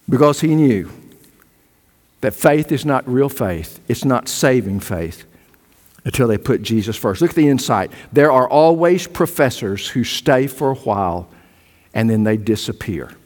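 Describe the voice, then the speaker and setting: An older male pastor preaching a sermon, swinging from loud emphatic peaks to hushed low storytelling. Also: lively intonation, unhurried. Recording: long hall reverb.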